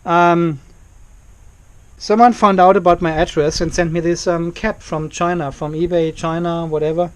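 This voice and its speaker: A man vlogging from his home carport, ranting at the camera in an exasperated way. He keeps circling back to the same complaints, and his voice sits high for a man. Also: steady tone, moderate pace, smooth. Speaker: car vlogger. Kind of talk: casual vlog to camera.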